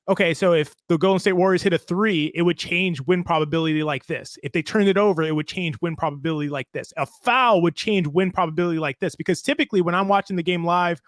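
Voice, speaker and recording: A man co-hosting a sports podcast, recorded dry and close with no room sound. His voice sits a little high, and he walks through his ideas step by step, repeating phrases as he builds each point. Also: fairly bright tone, dry recording. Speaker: podcast co-host, basketball analyst. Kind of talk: casual podcast chat.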